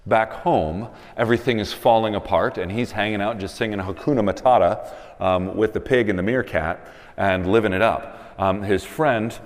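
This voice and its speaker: A man's voice: on the low side, normal speed. A man in his thirties preaching a sermon, telling stories and building to emphatic appeals. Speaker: pastor. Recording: long reverb of a church hall.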